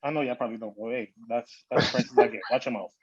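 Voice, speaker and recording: A man's voice: medium pitch, quick pace, slightly rough, no echo, dull audio. A man on a podcast telling a story in casual slang, acting out what people said. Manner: animated, slangy storytelling with quoted voices. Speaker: podcast host.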